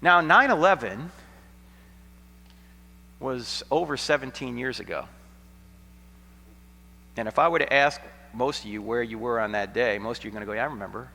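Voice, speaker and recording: A middle-aged American man giving an apologetics lecture to college students, telling stories dramatically, sometimes hushed and sometimes nearly shouting, with a sarcastic edge. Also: medium pitch, slight background noise. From United States. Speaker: Christian apologetics speaker. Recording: long hall reverb.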